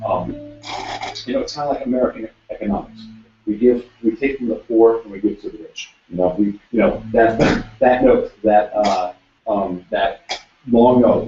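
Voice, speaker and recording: A man gives a one-on-one guitar lesson, direct and repetitive with his corrections. His voice sits a little low and comes from some way off the mic. The room echoes, the sound is dull and lo-fi, and guitar playing runs underneath. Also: dark tone, distant mic, slight background noise. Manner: direct, coaching, repeats instructions. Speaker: guitar teacher.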